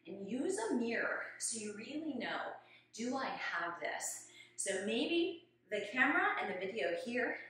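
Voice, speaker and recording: A woman in her fifties talks a viewer through strength exercises while she demonstrates them, her tone bright and forceful. She is picked up by a camera set back from her, and a strongly echoing room rings around her voice. A faint hum sits underneath. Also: medium pitch. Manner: demonstrating exercises while talking, a little out of breath. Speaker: fitness coach. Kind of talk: instructional exercise video. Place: room at home. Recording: echoey room from far off.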